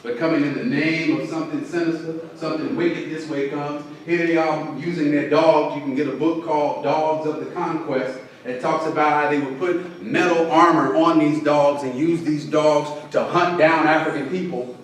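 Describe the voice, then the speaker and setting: A man's voice: on the high side, fairly even intonation, moderate pace, hardly any pauses, a little hiss or hum. A man lecturing as a professor to a community audience, with a preacherly call-and-response cadence and punchy repeated refrains. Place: lecture hall. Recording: far, very echoey hall recording.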